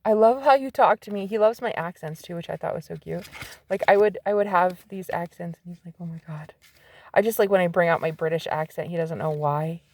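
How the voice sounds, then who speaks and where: A woman giving a casual tarot reading to her viewers, excitable and swearing freely, swinging from hushed asides to loud exclamations. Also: lowish voice, a little fast. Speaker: psychic medium and tarot reader.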